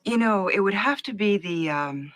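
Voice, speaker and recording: Actress as an evasive female executive, halting and stammering. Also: mid-range voice, animated, a bit bright, lightly acted. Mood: flustered. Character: flustered female executive caught out. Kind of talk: film dialogue.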